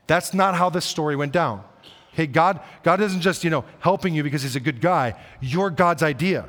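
A man's voice: on the high side, expressive, moderate pace, long reverb tail. A man preaching a sermon in an earnest, conversational way, repeating key phrases for emphasis. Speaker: pastor.

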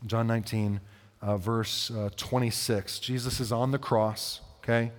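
A man in the middle of a sermon, reading scripture and talking it through with his congregation. His voice sits at an ordinary male pitch and carries a long reverb tail from a large hall. He keeps it conversational and slows down for the verses. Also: flat delivery. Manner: conversational, asks the congregation questions. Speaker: preacher.

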